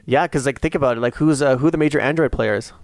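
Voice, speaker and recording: A man co-hosting a casual podcast chat, speaking in halting bursts with restarts. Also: mid-range voice, no room sound. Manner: fast, halting, with many restarts and fillers. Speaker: podcast co-host.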